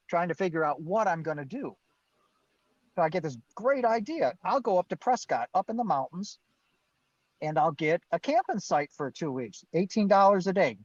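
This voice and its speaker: A high-pitched man, recorded dry, appears as a guest on a live Q&A. He tells his own story with animation, acting out what he and others said and laughing now and then, all in dull, dry lo-fi stream audio.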